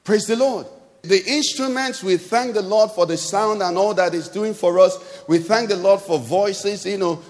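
A pastor with a Nigerian English accent preaches in a high, bright voice. His sermon is chatty and full of questions thrown to the congregation. The sound rings with a long reverb tail from a large church hall.

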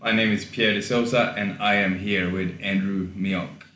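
A man's voice: fairly low pitch, fairly even intonation, moderate pace, fairly bright tone. A young man with a Swedish accent hosting a casual podcast, joking crudely and rambling with many restarts. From Sweden. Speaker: podcast host. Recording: echoey room.

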